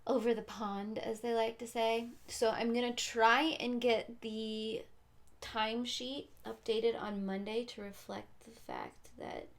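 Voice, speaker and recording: A woman's voice: a little high, lively intonation, a little slow, gravelly. A woman, a young adult, hosting a casual livestream as she colors, rambling and self-deprecating, sometimes dropping to a whisper. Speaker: livestream host.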